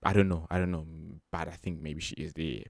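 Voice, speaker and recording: A man's voice: extremely low pitch, steady tone, a little fast, a little mellow, dry recording, clean studio sound. A young South African man with a South African accent, chatting casually as he reacts to a video, repeating himself with many fillers. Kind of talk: casual commentary.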